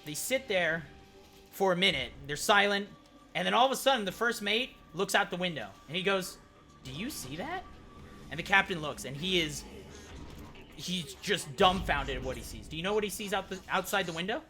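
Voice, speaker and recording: A young man telling a rambling joke on a stream, slipping into little voices for the people in it. His voice sits a bit high and sounds bright and forward. Faint game music plays underneath. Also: lively intonation, fairly quick. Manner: rambling joke-teller, acts out quoted voices. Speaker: gaming streamer. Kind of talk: casual storytelling while playing.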